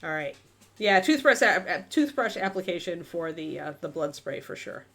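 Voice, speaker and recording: A chatty woman with a lively, swooping voice hosts a miniature-painting stream. She thinks out loud, drifts between topics and fills pauses with ums and uhs. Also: on the low side. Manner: chatty, thinks aloud, many fillers, talks to her dog. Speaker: miniature painting livestream host. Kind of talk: casual chat while painting on a livestream.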